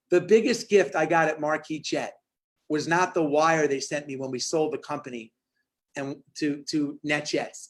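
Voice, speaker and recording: Punchy motivational speaker, forties, high-pitched voice, lively storytelling on a call. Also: male voice. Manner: energetic, punchy storytelling with acted-out quotes. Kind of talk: storytelling talk on a video call.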